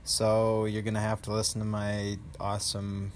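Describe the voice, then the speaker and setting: Brief: male car vlogger, low flat monotone narration, faint hiss underneath. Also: moderate pace. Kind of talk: casual voice-over narration.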